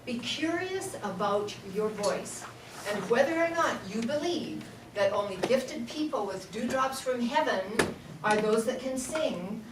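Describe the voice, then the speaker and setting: A woman's voice: fairly high pitch, animated, a little slow, distant mic. A woman singing teacher leading a voice workshop for a live audience, playful, laughing often and demonstrating sung vowel sounds. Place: large room with an audience. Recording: roomy echo, voice from off-mic, audible room noise.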